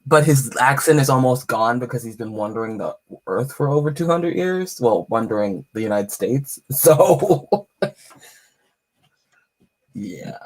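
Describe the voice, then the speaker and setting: A man's voice: mid-range voice, lively intonation, unhurried. A man, an author, in casual conversation, laughing often as he talks. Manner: laughs often between remarks. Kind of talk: casual chat.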